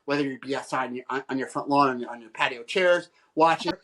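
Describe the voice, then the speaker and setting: A man's voice: medium pitch, fast talker, very noisy. A man on a podcast as a guest, chatting casually and rambling through stories, putting on voices for the people he quotes. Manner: rambling storyteller who acts out quoted people. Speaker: photographer. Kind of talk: casual chat.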